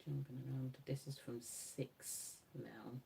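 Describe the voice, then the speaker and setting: A woman's voice: rumbling low, fairly even intonation, takes it slowly, gravelly, dark tone, a little hiss or hum. A woman beauty creator chatting casually through a makeup swatch demo, musing aloud and correcting herself as she goes.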